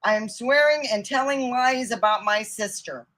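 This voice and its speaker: A woman's voice: a little high, normal speed, fairly bright tone, low-quality recording. A middle-aged woman telling rambling, profane comic stories from her own life and laughing at them as she goes. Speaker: comedian. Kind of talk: casual storytelling monologue.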